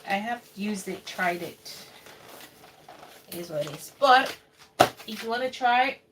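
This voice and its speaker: Streaming live from her kitchen in the UK, a woman cooks and chats casually, drifting between topics while responding to viewers. She sounds mid-range, expressive and a bit bright, never hurrying. Background noise comes through a distant mic.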